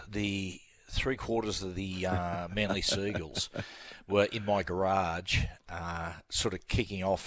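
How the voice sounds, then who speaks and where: A man's voice: low-pitched, fairly bright tone, dry recording. A man, a radio guest, telling a rambling anecdote with laughs in casual chat.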